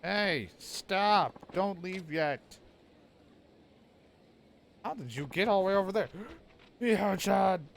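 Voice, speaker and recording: A man's voice: high-pitched, expressive, takes it slowly, vocal fry, long pauses, slight background noise, pitched above the performer's own voice, heavily acted. A man voicing a frantic young boy who calls out and pleads, reading game dialogue aloud. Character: frantic young boy chasing after a friend.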